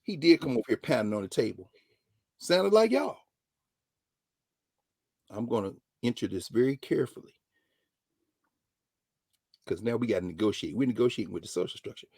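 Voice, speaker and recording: A middle-aged man, a professor telling a story dramatically, dropping to a hush and rising to shouts as he quotes people. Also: mid-range voice, very animated, moderate pace, long pauses, husky, no room sound, studio quality. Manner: dramatic retelling, voicing others in quotes, swinging from hushed to shouting. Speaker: professor and regular guest. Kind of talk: animated storytelling lesson.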